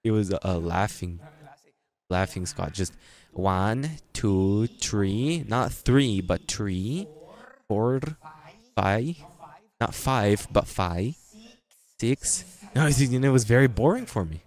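Lively, laughing preacher man, lowish voice. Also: measured pace. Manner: lively, laughing anecdotes with frequent restarts. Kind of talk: storytelling sermon.

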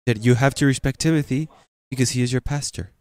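A man's voice: mid-range voice, quick pace, darkish tone, no room sound. A man preaching a sermon as pastor, emphatic and questioning his congregation.

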